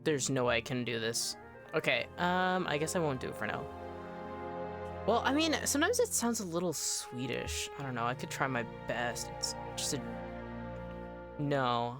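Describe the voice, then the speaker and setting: A game streamer chatting casually during live gameplay, excitable and gushing, often trailing off and restarting. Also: mid-range voice, moderate pace, over music.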